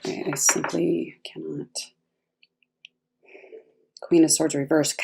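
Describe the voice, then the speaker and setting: A woman giving a casual, expressive tarot reading, talking straight to the viewer with emphatic asides. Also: low voice, slow pace, creaky, long pauses, slight background noise. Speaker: tarot reader.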